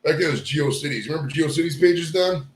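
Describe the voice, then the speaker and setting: A man's voice: a little high, fast talker. A man in his forties hosting a casual, joking podcast chat, rambling on. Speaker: podcast host. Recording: echoey room.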